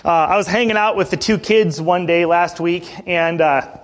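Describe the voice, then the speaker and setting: A middle-aged male pastor with a high voice, preaching in a relaxed, chatty way. He tells stories loosely and keeps clearing his throat between thoughts. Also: moderate pace. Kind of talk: sermon.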